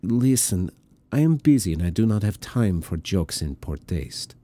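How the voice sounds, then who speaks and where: A man voicing a guarded woman with a Russian accent on the phone, speaking in a husky, clipped, dry way. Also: sits low, sing-song, unhurried, warm tone, no room sound, exaggerated voice. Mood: impatient.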